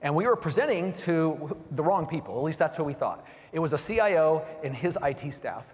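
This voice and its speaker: Middle-aged man, keynote speaker, energetic, animated delivery, keeps checking in with the crowd, long hall reverb. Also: a little high, fairly quick. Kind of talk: motivational keynote presentation. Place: large conference hall.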